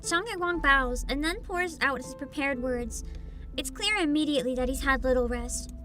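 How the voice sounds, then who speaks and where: Bright, high-voiced streamer woman. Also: moderate pace. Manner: casual, wry, chatty. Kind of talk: reading game text aloud and commenting. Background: game music.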